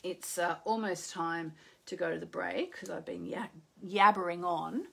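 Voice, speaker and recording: A woman's voice: fairly low pitch, measured pace, gravelly, sharp tone, slightly rough. A middle-aged Australian woman, an astrologer chatting casually and rambling with many fillers on a live stream. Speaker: astrologer hosting a live show.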